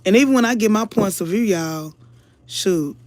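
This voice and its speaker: Woman commentator, casual live chat, earnest and preachy, emotional, middle pitch, dry close sound. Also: lively intonation, moderate pace, darkish tone, no echo. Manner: earnest, preachy, keeps addressing the audience as y'all. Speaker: online commentator.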